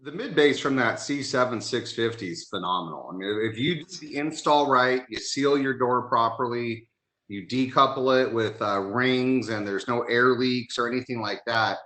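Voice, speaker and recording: A man's voice: medium pitch, normal speed, fairly bright tone. A man speaking as a technical trainer in a live online session, emphatic and enthusiastic, recorded in an echoey room on a video call mic. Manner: emphatic, enthusiastic about installation.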